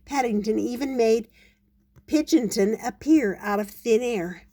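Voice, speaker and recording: An older woman reading a picture book aloud to children, gentle and unhurried. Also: a little high. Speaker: storyteller.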